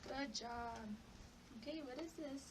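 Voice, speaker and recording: A woman demonstrates a therapy session, encouraging and patiently repeating simple word prompts in a high voice. She sounds distant from the mic, with a faint hiss behind. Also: unhurried. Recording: voice picked up from a distance.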